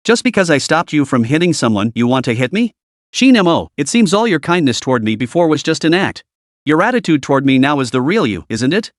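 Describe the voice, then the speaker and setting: A man's voice: a little high, sing-song, brisk, dry recording, studio quality. A man voicing a spoiled, self-assured young woman in a recap story, with a reproachful, self-righteous delivery. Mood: indignant.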